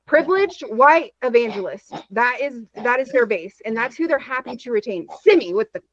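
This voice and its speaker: Higher-voiced woman telling stories. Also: dull audio, crowd noise. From Texas. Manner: animated, rapid storytelling. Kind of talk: casual chat.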